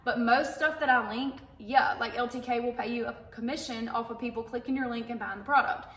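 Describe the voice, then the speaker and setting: A woman's voice: on the high side, fairly bright tone, reverberant. A young woman, a content creator and stay-at-home mom, answering viewer questions in a chatty, candid way to camera. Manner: chatty, candid, quick-talking. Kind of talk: casual Q and A talk to camera.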